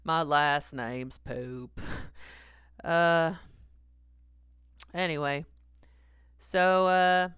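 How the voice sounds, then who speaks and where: Sleazy middle-aged preacher guy a woman doing him, rambling real slow with tons of uhs, kinda low voice. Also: fairly even intonation, a bit bright, clear, resonant tone, no echo, studio quality, exaggerated voice. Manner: rambling and hesitant, full of fillers, chuckling at himself. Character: degenerate 48-year-old male pastor, sleazy and confessional. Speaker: comedic character sermon. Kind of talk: stream-of-consciousness comic sermon.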